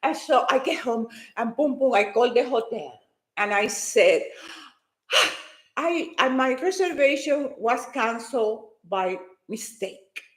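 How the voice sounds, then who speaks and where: A woman telling a personal story with excitement, talking fast and restarting her sentences as she goes. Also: fairly high pitch. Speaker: fitness and motivation speaker. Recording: echoey room.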